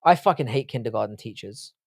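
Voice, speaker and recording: Speaking fast and animated in a gravelly, medium-pitched voice, this Englishman with a London accent runs a live stream. He chats casually with his viewers, joking around and swearing as he banters.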